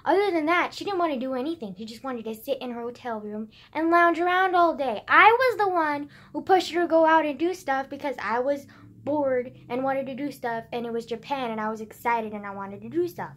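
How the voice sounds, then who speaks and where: A woman's voice: sits high, a little fast, fairly bright tone. A teenage girl ranting in a casual vlog, emotional and scattered, sighing and gasping, her speech full of fillers and restarts. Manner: emotional and scattered, with frequent sighs and gasps; filler-heavy, restarts often. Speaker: vlogger. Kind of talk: rambling casual vlog rant.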